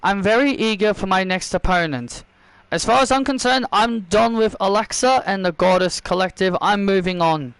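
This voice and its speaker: A man's voice: sits high, normal speed, a bit bright, clean tone, no echo, rough recording. A man voicing a determined female wrestler asking for a new opponent.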